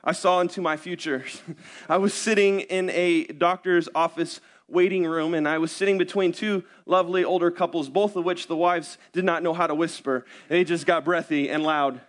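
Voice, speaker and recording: A man's voice: on the high side, steady tone, normal speed. A young adult man, a pastor, giving a sermon that opens with prayer and moves into self-deprecating personal stories and rhetorical questions.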